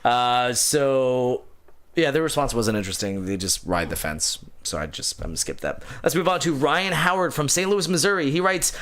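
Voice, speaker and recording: Male podcast co-host with a lively, swooping pitch. He jokes and swears as he reads out letters. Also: normal speed, slight background noise. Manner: joking, profane, trails off mid-sentence. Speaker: podcast co-host reading old magazine letters. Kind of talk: casual chat.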